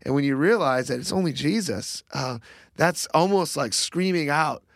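A man in a casual faith discussion works slowly through his thoughts, pausing and restarting often. His voice sits a little high. The sound is dry and close, with no room around it. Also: lively intonation, creaky, no room sound. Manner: reflective, halting, many fillers and restarts. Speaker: Bible discussion co-host.

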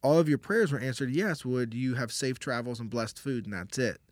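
A man's voice: medium pitch, normal speed, dry recording. A man, a pastor, talking through a Bible passage in an earnest, conversational way with frequent restarts. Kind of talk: casual Bible discussion.

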